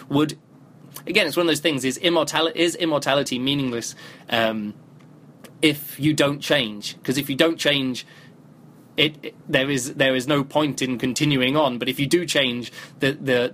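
A man's voice: mid-range voice, a bit bright. A man hosting a podcast, giving a casual spoken review of a book, thinking aloud with many restarts, recorded on a phone.

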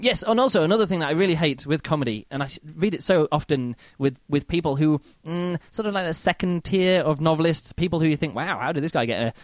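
A man's voice: on the high side, no echo. A man hosting a podcast, casually reviewing a book in an exasperated, mocking way. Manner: exasperated, mocking, animated, reads quotes aloud.

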